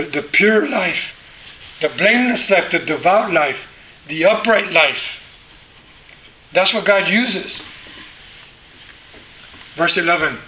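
A middle-aged man preaches earnestly as a pastor, often stumbling over and repeating his words as he presses a point. His voice sits high and sounds bright and forceful. A faint hiss lies under the recording. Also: rough recording. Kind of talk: sermon.

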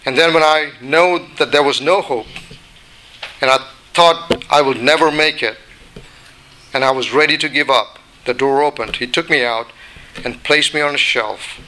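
Brief: man voicing a patient, long-suffering teacup in a storybook parable, bright clear tone. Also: a little high, normal speed, a little hiss or hum, rough recording. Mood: recounting. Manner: plain storytelling read-aloud delivery. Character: little china teacup, once ordinary clay, long-suffering.

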